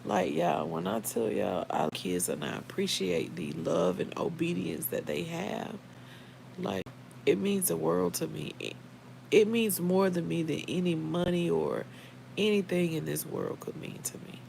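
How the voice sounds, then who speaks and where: A woman's voice: fairly low pitch, lively intonation, a little slow, vocal fry, a little hiss or hum, poor audio. A middle-aged woman, hosting a casual livestream, heartfelt and emotional, talking straight to her viewers by name. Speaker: livestream host.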